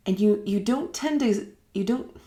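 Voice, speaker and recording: A woman giving a reflective spiritual teaching in a live online session, musing and unhurried, sometimes dropping almost to a whisper. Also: medium pitch, dark tone. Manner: unhurried, musing, drops to near-whispers at times. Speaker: meditation teacher. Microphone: live online broadcast.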